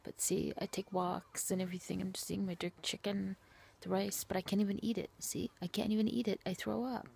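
A woman vlogging to her camera in a weary, complaining way, often sinking into a breathy whisper. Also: mid-range voice, flat delivery, fairly quick, a little mellow. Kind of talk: casual talk to camera.

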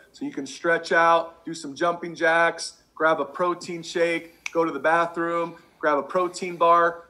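High bright-voiced hyped-up male sales trainer. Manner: repetitive, pumped-up, drills catchphrases. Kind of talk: energetic sales training talk.

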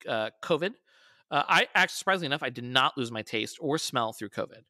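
A man's voice: mid-range voice, lively intonation, fast talker, pushed and bright, dry recording, clean studio sound. A man, a podcast guest, telling a story in casual conversation and raising his voice when quoting people.

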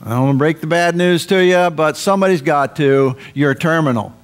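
A man preaching a sermon as pastor, emphatic, rising for stress and dropping low for asides. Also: fairly quick, smooth, faint music behind.

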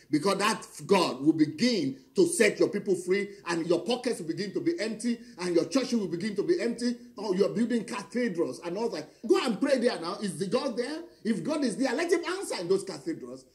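A man's voice: high voice, animated, a little fast, few pauses. A middle-aged man, preaching in a confrontational, declaiming way with pointed rhetorical questions. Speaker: pastor. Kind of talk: fiery preaching monologue.

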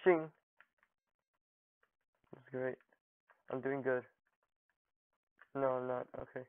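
A young man talks slowly and loosely over a fighting game, throwing out mock-grand taunts between jokes. His voice comes through narrow and phone-like, with no room sound at all. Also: medium pitch, completely flat delivery, clean tone, no room sound. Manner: joking, mock-dramatic taunts at opponents. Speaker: gaming channel host. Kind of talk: casual gameplay commentary. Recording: dry, phone-like narrow audio.

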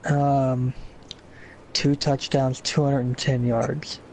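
A man's voice: medium pitch, level tone, darkish tone, slight background noise, rough recording. A young man chatting casually with friends during a live game stream, joking and acting out quotes. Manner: playful, acts out quotes, quick bursts of laughter.

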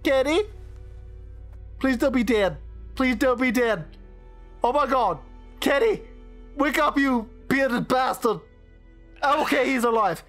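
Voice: high-pitched, slow, long pauses, fairly bright tone, soft background music. A game commentator cursing and reacting with strong emotion as he plays through a story game. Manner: profane, emotional outbursts. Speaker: gaming commentator. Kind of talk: let's play commentary.

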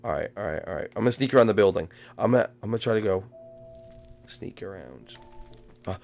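Giovane uomo che commenta un videogioco, voce ruvida e molto mobile, musica leggera di sottofondo. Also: male voice, on the low side, animated, fast talker, creaky, long pauses, soft background music. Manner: swings from hushed muttering to panicked shrieking; repeats phrases over and over. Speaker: gameplay commentator. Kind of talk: excited game commentary.

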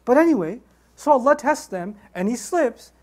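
Male preacher, Quran commentary lecture, animated and chatty, acts out quotes. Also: moderate pace. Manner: animated, conversational, acts out quotes with rising pitch and laughter. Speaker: Islamic preacher.

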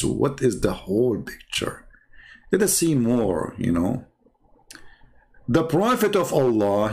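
A man from the Middle East whose first language is Arabic, speaking with an Arabic accent. He hosts a rambling, sarcastic livestream commentary. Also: mid-range voice. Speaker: channel host and religion critic.

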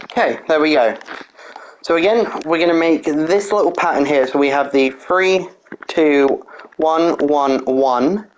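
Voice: mid-range voice, unhurried, slight background noise, low-quality recording. A narrator giving a casual walkthrough voice-over of a block build, explaining each step methodically, counting aloud and correcting small slips with an apology.

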